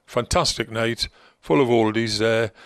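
A man's voice: medium pitch, steady tone, measured pace, no room sound, clean studio sound. An older man with a Geordie accent, a former football manager telling long rambling stories as a guest, with many ums and restarts. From North East England. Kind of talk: relaxed anecdotal storytelling.

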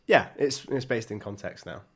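A man's voice: lowish voice, animated, normal speed, gravelly, breathy edge. A man co-hosting a podcast, talking in a hesitant, self-deprecating way in casual banter. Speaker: podcast co-host.

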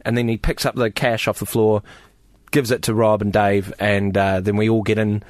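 A man's voice: lowish voice, moderate pace, dry recording, clean studio sound. A man from New Zealand, a guest comedian, casually telling an anecdote and acting out the voices of the people in it. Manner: animated storyteller acting out voices in his tales.

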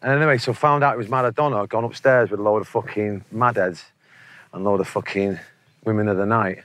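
A man's voice: fairly low pitch, steady tone, fast talker, fairly bright tone. Sweary Manchester man telling stories. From England. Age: 40s. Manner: sweary, laddish, laughing anecdotes. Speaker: interview guest, musician. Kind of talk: casual storytelling interview.

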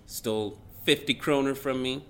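A man's voice: mid-range voice, normal speed. A man whose first language is Swedish, a radio presenter and podcast guest, telling stories animatedly and acting out quotes. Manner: animated storyteller, acts out quotes. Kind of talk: casual interview chat.

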